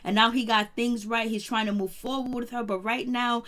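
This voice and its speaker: A woman's voice: a little high, fairly even intonation, normal speed, a bit bright. A woman giving a casual, chatty recap of a reality show episode, laughing often and acting out the cast's lines. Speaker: show reviewer.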